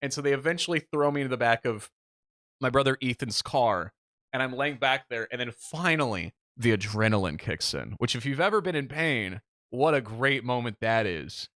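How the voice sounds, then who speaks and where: A man co-hosting a podcast, telling a story in casual chat with an animated, self-mocking manner and free swearing. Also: medium pitch, moderate pace, dry recording, studio quality. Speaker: podcast co-host.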